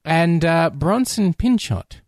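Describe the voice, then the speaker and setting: A man's voice: a little high, takes it slowly, no echo. Man, podcast co-host, casual film chat, rambling, restarts, dry close mic. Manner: rambling, animated, restarts often.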